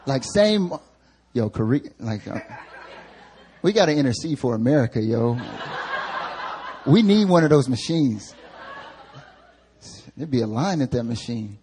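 A man's voice: mid-range voice, big pitch swings, unhurried, long pauses, mellow, slight background noise. A young man preaching a sermon at a church service, moving between casual slang-filled storytelling and rising, emphatic preaching.

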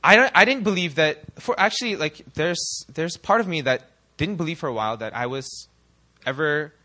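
Bright-voiced young man preaching. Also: a little high, normal speed. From United States. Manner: animated, rhetorical questions to the congregation. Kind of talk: sermon.

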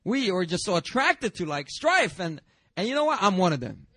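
A pastor preaching a sermon in a lively, conversational way, with self-deprecating humor and chatty asides. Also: male voice, high-pitched, normal speed, dry recording.

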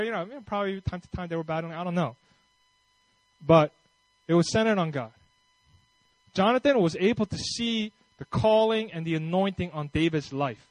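A male pastor giving a conversational, animated sermon with casual asides and self-deprecating humor. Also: high-pitched, no echo, low-quality recording.

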